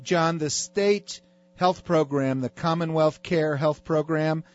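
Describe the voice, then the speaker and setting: A man's voice: a little high, fairly even intonation, slow pace, no room sound, dull audio. A man hosting a talk radio show, speaking in an emphatic, preachy way.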